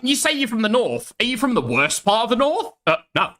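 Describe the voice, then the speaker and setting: A young man with a softened northern English accent, reacting to a video in brash, sweary, animated commentary. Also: very high-pitched, fairly quick. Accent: Northern English, softened by the South. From Northern England. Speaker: streamer. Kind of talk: casual commentary over a video.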